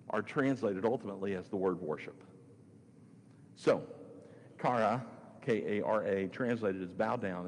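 A man's voice: mid-range voice, a little mellow, slightly rough. Emphatic male preacher in a reverberant hall. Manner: emphatic, repeats phrases for stress. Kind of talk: sermon. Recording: long hall reverb with faint noise.

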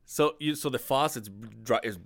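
A man's voice: mid-range voice, normal speed, dry recording. A man in his thirties, co-hosting a podcast, telling rambling, profane stories with frequent laughter. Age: 30s. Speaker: podcast co-host. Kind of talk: casual storytelling chat.

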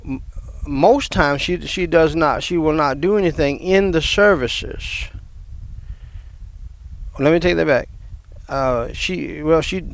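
Male pastor, 50s, gravelly, slightly high voice, rambling pulpit sermon delivery. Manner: rambling, repeats and restarts words.

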